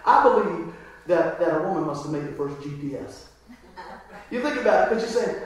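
A man's voice: on the high side, lively intonation, fairly quick. A man preaching a conversational sermon in a church, often asking the crowd "right?". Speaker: pastor. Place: church hall. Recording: echoey hall, voice from far off.

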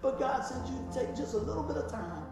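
A man voicing a grateful young woman receptionist, with his pitch raised and speaking through tears. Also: lively intonation, quick pace, over music. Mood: tearful. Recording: echoey hall, from a distance.

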